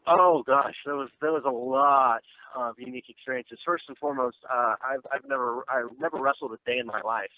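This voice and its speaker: Heard over a tinny, dry phone line with no room sound, this guest speaks in a mid-range voice at a fairly quick clip. An actor and filmmaker, he chats casually about his film, rambling and constantly using fillers and restarting sentences.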